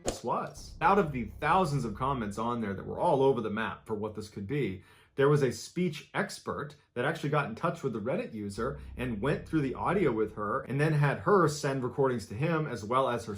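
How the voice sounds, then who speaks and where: A man's voice: mid-range voice, expressive, brisk. Man narrating a true scary story. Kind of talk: scripted horror narration.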